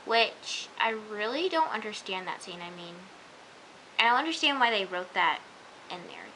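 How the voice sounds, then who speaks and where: A woman's voice: medium pitch, big pitch swings, moderate pace, sharp tone, poor audio. A young woman reviewing a TV episode in a casual, rambling chat full of fillers. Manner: chatty and rambling, many fillers. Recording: faint hiss.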